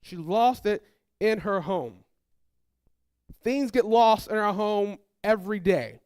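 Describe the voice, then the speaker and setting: A pastor with a high, clean-toned voice takes his sermon slowly, telling family stories and animatedly acting out the relatives' quotes in raised voices. He asks the congregation to call out, and the recording is dry with clean studio sound.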